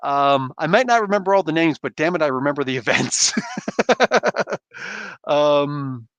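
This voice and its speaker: A man's voice: a little high, a little slow, a bit bright, clear, resonant tone, dry recording. A man hosting a livestream, chatting casually and reading viewer comments aloud, often laughing and poking fun at himself. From Canada. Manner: laid-back, laughs often, self-deprecating. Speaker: livestream host.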